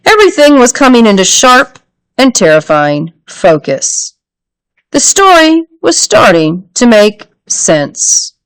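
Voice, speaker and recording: Female storybook reader, unhurried and expressive, animated pitch. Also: clean tone, poor audio. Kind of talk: reading a children's novel aloud.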